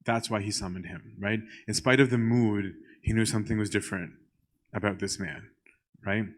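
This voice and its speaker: Priest, male, lower register; casual storytelling sermon, conversational, ums and check-ins. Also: fairly even intonation, moderate pace. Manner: conversational, keeps checking in with "right?"; frequent filler "um". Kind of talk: storytelling church talk.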